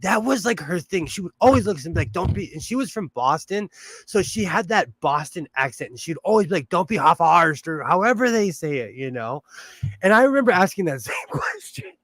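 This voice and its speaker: A man's voice: high voice, sing-song, brisk, a bit bright, no echo. A man hosting a casual sewing livestream, chatting, laughing often and reading viewer comments aloud. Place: home sewing room.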